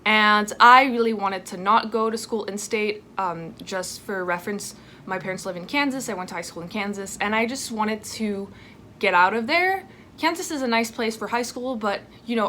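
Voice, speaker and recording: A woman in her twenties from France, talking casually in a sit-down vlog at home, chatty and lively with asides. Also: mid-range voice. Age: 20s. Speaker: vlogger. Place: home indoors. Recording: faint dishwasher noise at home. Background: dishwasher noise.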